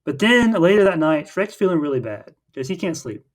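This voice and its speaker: A man's voice: fairly high pitch, very animated, a little fast. A man co-hosting a casual film podcast, recapping the plot in a rambling way with many fillers and restarts. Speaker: podcast co-host.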